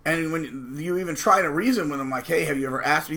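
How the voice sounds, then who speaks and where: A man's voice: fairly high pitch, fast, pushed and bright. A man hosting his own channel, talking straight to the camera in an emphatic, sarcastic rant and acting out the voices he quotes. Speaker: channel host. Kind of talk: ranting monologue to camera.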